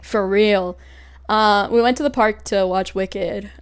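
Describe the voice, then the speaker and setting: A young woman from Tennessee chats casually on a podcast, giggling and losing her thread as she hunts for the right words. Her voice sits at an ordinary middle pitch for a woman. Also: steady tone, takes it slowly, clear, resonant tone. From Tennessee, United States. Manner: rambling, giggly, searches for words. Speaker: podcast co-host. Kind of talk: casual chat.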